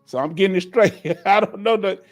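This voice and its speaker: A Southern man from Houston hosts a casual live stream for veterans. His voice sits slightly high, and he reads viewer comments aloud in a loose, chatty way. Faint music plays underneath. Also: brisk. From Houston, Texas. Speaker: livestream host for veterans.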